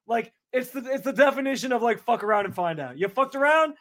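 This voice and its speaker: A man co-hosting a sports podcast, talking in an animated, blunt way and swearing freely in casual debate. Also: very high-pitched, fast talker.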